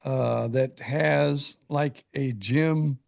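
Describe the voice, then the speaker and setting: A man's voice: medium pitch, fairly even intonation, extremely slow, creaky, darkish tone. An older man co-hosting a podcast, telling rambling jokes in casual chat. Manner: rambling, joking storyteller. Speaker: podcast co-host.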